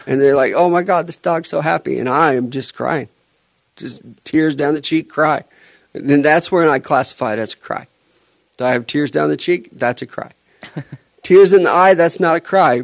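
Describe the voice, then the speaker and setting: A man's voice: a little high, gravelly, dry recording. A man co-hosting a sports podcast, chatting casually and laughing often at his own jokes. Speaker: podcast co-host.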